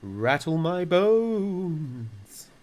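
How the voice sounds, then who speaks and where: A man voicing a talking parrot with a loud, high, squawking voice in a storybook reading. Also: sing-song, drawn-out words, heavily acted.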